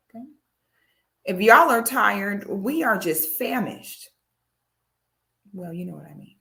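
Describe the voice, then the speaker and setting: A woman's voice: mid-range voice, fairly bright tone. A woman giving casual reaction commentary, sassy and exclamatory, speaking straight to her viewers.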